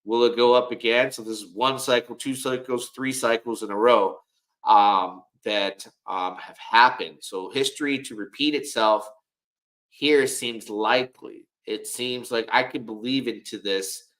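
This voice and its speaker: A man's voice: mid-range voice, steady tone, unhurried, fairly bright tone, poor audio. Male livestream host, casual commentary, rambling and self-assured, keeps repeating words.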